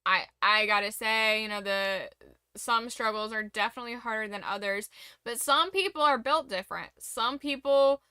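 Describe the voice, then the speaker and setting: A woman's voice: on the high side, normal speed, bright, forceful tone, smooth, no echo. A young woman streamer in a casual late-night chat, speaking candidly and reflectively about her struggles, rambling with restarts.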